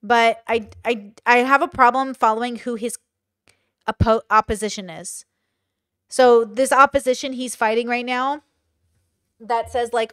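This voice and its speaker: Woman ranting on her stream, swears a lot, kinda high voice, dry mic. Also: moderate pace, no echo. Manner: blunt, profane, animated rants. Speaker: streamer reacting to a video. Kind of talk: casual live-stream commentary.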